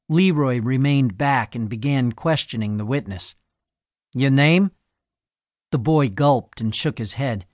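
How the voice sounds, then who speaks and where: A man narrating a crime novel audiobook in a measured, even storytelling manner on a close studio mic. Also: mid-range voice, no echo. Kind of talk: scripted narration.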